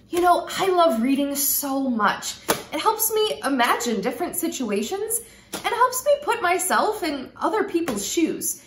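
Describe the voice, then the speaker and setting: A woman with a high, animated voice reads a children's storybook aloud and then teaches in a gentle, teacherly way. She takes her time, and the sound rings in an echoey room.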